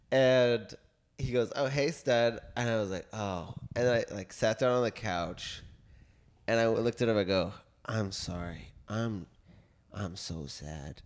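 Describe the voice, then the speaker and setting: A man's voice: medium pitch, clear, resonant tone. A man co-hosting a comedy podcast, telling confessional stories with laughs in casual chat. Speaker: podcast co-host.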